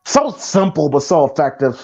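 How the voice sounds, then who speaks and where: Male podcast co-host, casual movie commentary, restarts a lot, slightly high voice, muffled lo-fi recording. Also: sing-song, normal speed, warm tone, faint music behind. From Iowa, US. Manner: rambling with many restarts and fillers. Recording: dull lo-fi sound.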